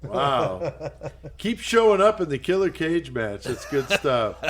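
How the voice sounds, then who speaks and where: A man's voice: a little high, very animated, measured pace. A man hosting a podcast, reacting with laughing enthusiasm and moving the chat along. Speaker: podcast host.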